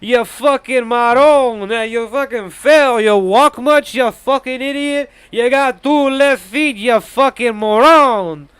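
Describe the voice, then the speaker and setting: A man voicing a jeering middle-aged male mobster who hurls loud mocking insults. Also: extremely high pitch, slow pace, hardly any pauses, clear, resonant tone, no room sound, pitched above the performer's own voice, full character voice.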